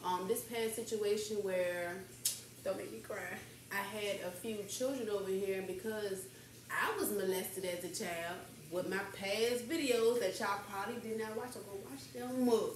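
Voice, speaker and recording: Hosting a laid-back talk show, this woman speaks at normal speed in a medium-pitched voice, rambling in candid, emotional, slangy chat. The podcast audio is distant and echoey, with faint noise.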